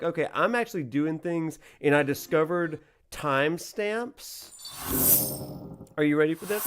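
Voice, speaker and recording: A man, a college professor who streams, chatting casually in an animated, laughing, self-deprecating way. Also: a little high.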